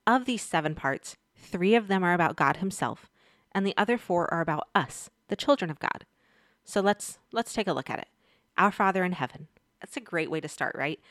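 A woman's voice: fairly low pitch, lively intonation, fairly quick, no room sound, clean studio sound. A woman giving a casual devotional Bible lesson, chatty and speaking straight to her viewers with questions. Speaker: Bible teacher.

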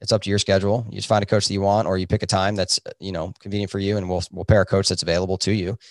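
Low and level in tone, this man talks rapid-fire in a studio-quality recording free of room sound. He's a physician and coaching program founder giving earnest, reflective podcast interview answers with many fillers.

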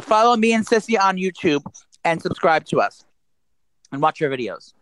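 A man's voice: sits high, sing-song, normal speed, fairly bright tone, no echo, poor audio. A man co-hosting a podcast in casual chat, rambling on with lots of "like" and "um" and reading out his own promos. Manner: chatty and rambling, full of "like" and "um"; reads out promos. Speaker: podcast co-host.

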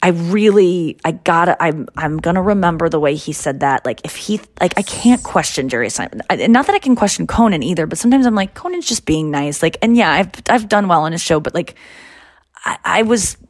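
A woman hosting a podcast, chatting casually and telling stories in an animated way, acting out what others said. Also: fairly low pitch, no echo. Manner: animated storytelling, quick impressions of others. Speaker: podcast host. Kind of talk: casual chat.

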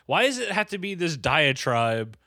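A young man speaks bluntly in a casual, profane movie-review chat, with a dry, close-miked sound. His tone is bright and his pitch moves with lively expression. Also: normal speed, no room sound. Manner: blunt, dismissive, swearing. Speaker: podcast co-host.

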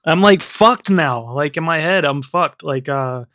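A man's voice: fairly high pitch, measured pace, fairly bright tone, no echo, studio quality. A man co-hosting a podcast, chatting casually and rambling, with lots of swearing and fillers. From United States. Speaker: podcast co-host. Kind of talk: casual chat. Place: UK-based podcast.

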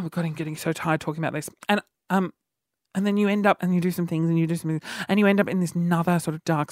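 A man's voice: high-pitched, fairly bright tone, dry recording, clean studio sound. A man hosting a solo podcast, telling a story in a cheeky, rambling way full of fillers and restarts. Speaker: podcast host.

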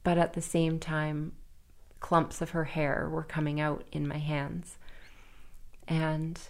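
Woman, thirties, podcast guest, earnest, halting, nervous laughs, lowish voice. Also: level tone, a little mellow. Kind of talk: emotional personal storytelling.

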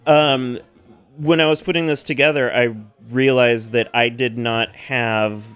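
A man co-hosting a radio show at a studio mic. He tells long stories in a casual, rambling way, full of fillers and swearing, with a voice of ordinary pitch. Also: fairly even intonation, measured pace, a bit bright, clear, resonant tone. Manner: chatty, profane storytelling with many fillers. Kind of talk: casual chat.

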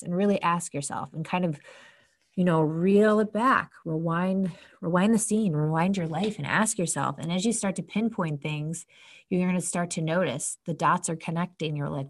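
A woman with a slightly low voice talks casually and earnestly about coping with stress. She chats along freely and slips into little acted-out lines of self-talk. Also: moderate pace. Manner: chatty, earnest, acts out inner voices. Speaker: podcast host giving self-help advice.

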